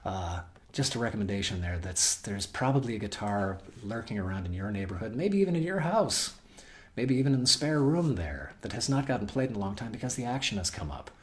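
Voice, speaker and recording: A man's voice: fairly low pitch, animated, fairly quick. Man losing his voice, chatting about guitars. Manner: rambling, folksy, restarts often. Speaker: guitar shop host. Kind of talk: casual video talk to viewers. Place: guitar shop.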